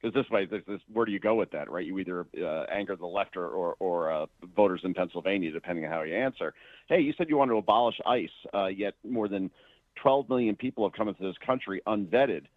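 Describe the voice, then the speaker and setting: A man's voice: low voice, no room sound. A man calling in as a media critic on a radio show, exasperated and firing off rhetorical questions. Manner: animated, exasperated, rapid-fire rhetorical questions. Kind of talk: phone-in radio interview. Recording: tinny phone line.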